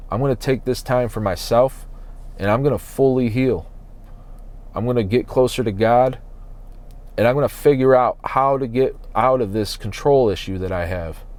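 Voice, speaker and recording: A man hosting a solo podcast from inside his parked van, talking slowly and earnestly as he searches his soul. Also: medium pitch, darkish tone. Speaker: podcast host.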